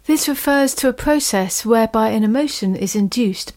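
A woman reading a passage aloud in a plain, even way. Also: a little high, moderate pace, few pauses. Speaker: guest reader.

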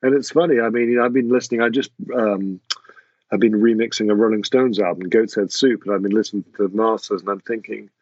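Halting English man, dull dry sound. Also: fairly low pitch, steady tone, a little mellow, no room sound. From England. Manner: halting, many restarts and fillers. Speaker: music producer guest. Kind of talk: casual interview talk.

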